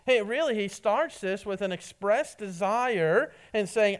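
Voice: mid-range voice, animated, measured pace, clear, resonant tone. A preacher giving a sermon, often stumbling and repeating words as a phrase begins.

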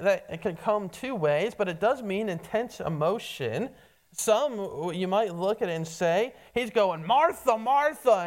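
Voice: medium pitch, darkish tone. A preacher giving a conversational sermon, calling listeners "friend" and often restarting words mid-sentence. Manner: addresses listeners as friend, frequent stammered restarts.

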